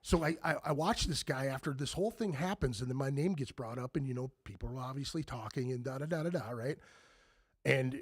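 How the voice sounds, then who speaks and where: A man in his forties, a band member guest on a podcast, telling stories in a lively, profane way and loudly acting out what people said. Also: mid-range voice, a little fast, slightly rough, dry recording. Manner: animated, profane, acts out quoted lines loudly. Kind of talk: casual podcast storytelling.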